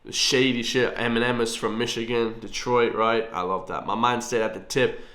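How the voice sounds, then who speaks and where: Excitable Irish man in an echoey room. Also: mid-range voice, moderate pace. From Ireland. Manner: excitable, keeps addressing viewers as guys. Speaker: music reaction video host. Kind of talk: casual music reaction commentary.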